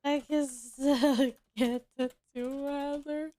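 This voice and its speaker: A woman's voice: mid-range voice, measured pace, no echo. A young woman streaming a game, chatting casually with her viewers and swearing now and then. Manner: chatty, talking to chat while playing, swears casually. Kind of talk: casual gameplay commentary.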